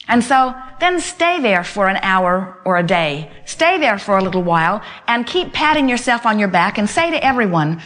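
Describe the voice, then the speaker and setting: A woman gives a motivational talk to a live gathering, speaking emphatically as "we," repeating her points and building long step-by-step lists. Her medium-pitched voice is sing-song and fairly bright, at a moderate pace.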